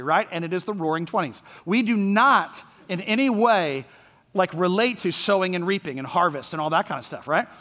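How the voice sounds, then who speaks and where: A pastor from Orlando delivers a sermon in a high, light man's voice. He keeps it conversational, full of little fillers and "right?" check-ins. His words ring out with a long reverb from the church hall. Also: a bit bright. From Orlando, Florida, USA. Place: church sanctuary.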